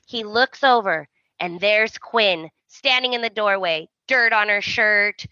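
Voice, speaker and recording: A woman's voice: medium pitch, unhurried, sharp tone, no room sound, muffled recording. A woman hosting a podcast, chatting casually and acting out characters' lines as she recaps. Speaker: podcast host.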